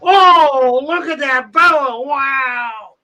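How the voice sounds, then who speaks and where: A man putting on the voice of a brash, excitable teenage boy who gushes loudly. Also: extremely high pitch, drawn-out words, pitched above the performer's own voice, exaggerated voice. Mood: gushing. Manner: gushing, shouting with excitement.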